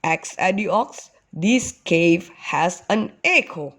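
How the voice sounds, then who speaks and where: A woman voicing a kind, gentle father ox in a children's storybook, speaking slowly. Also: lowish voice, lively intonation, exaggerated voice.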